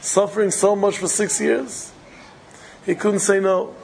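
A man's voice: high voice, steady tone, a little slow, gravelly, darkish tone, a little hiss or hum, poor audio. A man delivering an impassioned storytelling sermon, repeating phrases for dramatic weight. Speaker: preacher.

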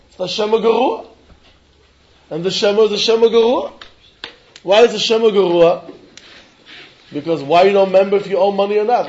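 High-voiced man giving a fast Talmud lecture. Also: a little mellow, highs cut off. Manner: rapid, emphatic, switching between English and Hebrew. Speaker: Talmud teacher.

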